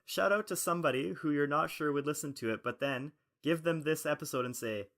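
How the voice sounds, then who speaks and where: A man's voice: a little high, a little fast, a bit bright. A man co-hosting a podcast, teasing and playful in casual chat. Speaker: podcast co-host.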